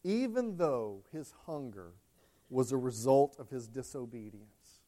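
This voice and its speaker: A pastor preaching a sermon with passion, swinging between hushed, tender passages and loud, emphatic ones. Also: male voice, mid-range voice, expressive, unhurried.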